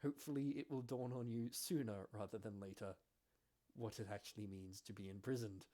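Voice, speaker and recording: A man's voice: fairly low pitch, steady tone, brisk, warm tone, close to an everyday voice. A man playing a stern, weary male prison official who speaks in stiff, formal sentences in a tabletop game.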